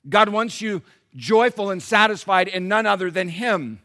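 Forceful, bright-voiced preaching man. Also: moderate pace. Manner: dynamic preaching, swinging from loud emphatic lines to quiet low asides; asks the congregation questions. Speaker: pastor. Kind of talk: sermon.

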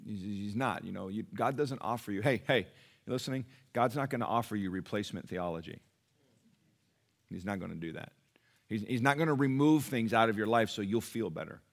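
A middle-aged man preaching a sermon to his church, emphatic and swinging from quiet to loud. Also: on the low side, fairly quick, vocal fry. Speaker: pastor.

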